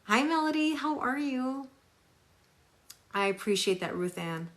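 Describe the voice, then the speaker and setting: A woman's voice: high-pitched, lively intonation, measured pace. A woman tarot reader on a live stream, talking emphatically, repeating phrases for stress and greeting viewers by name.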